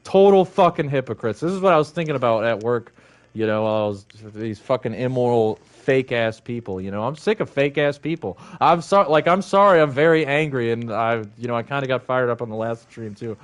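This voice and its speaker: A man's voice: mid-range voice, lively intonation, a little fast. A man ranting angrily on his livestream, heated and profane, circling back to the same points. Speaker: livestream host. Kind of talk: angry ranting monologue.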